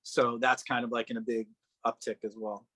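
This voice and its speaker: A man raised in Boston, an actor guest on a podcast, talking in a relaxed, chatty way and laughing often. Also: mid-range voice, normal speed, no echo. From Boston, Massachusetts. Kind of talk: casual podcast chat.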